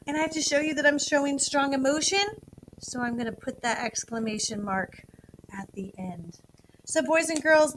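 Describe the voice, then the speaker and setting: A woman teaching first graders in a recorded video lesson, speaking slowly and clearly in an encouraging tone. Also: high-pitched, fairly bright tone, a little hiss or hum, low-quality recording. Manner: slow, clear, encouraging teacher talk to little kids.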